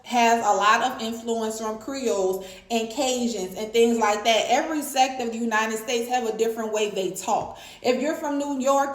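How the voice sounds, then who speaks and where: A woman's voice: on the high side, moderate pace, hardly any pauses. A woman from New Orleans with a New Orleans accent, ranting to camera in a sassy, scolding way and tagging her points with "okay?". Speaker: vlogger. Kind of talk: opinionated rant to camera. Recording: echoey room.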